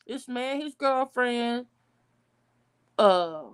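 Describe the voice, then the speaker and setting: Outspoken, high-pitched woman venting. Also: very slow, smooth. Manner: blunt, outraged and profane; animated, with sudden high outbursts. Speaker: vlogger. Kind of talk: casual livestream commentary.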